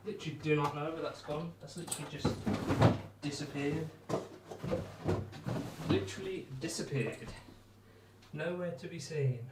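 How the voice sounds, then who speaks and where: A man's voice: a little high, background noise. A young man chatting casually on a live stream while he throws darts, rambling, poking fun at himself and answering viewers. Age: young adult. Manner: rambling, self-deprecating, reads out and answers chat. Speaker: darts livestreamer.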